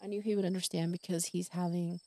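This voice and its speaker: Gravelly-voiced woman rambling candidly. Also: on the low side, level tone, fast talker, warm tone. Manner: rambling, candid, with many fillers and quoted dialogue. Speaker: podcast host. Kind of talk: casual personal monologue.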